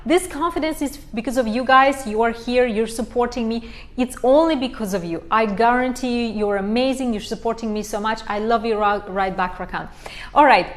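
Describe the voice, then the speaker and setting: A woman's voice: a little high, normal speed. A woman life coach from Romania, hosting a livestream chat and reading out viewer comments in an effusive, enthusiastic way. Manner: effusive, warmly enthusiastic, repeats praise words.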